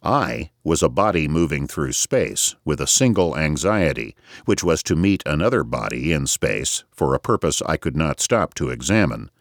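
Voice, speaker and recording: Very deep-voiced male audiobook narrator. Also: sing-song, normal speed, few pauses, no room sound, studio quality. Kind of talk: first-person audiobook narration.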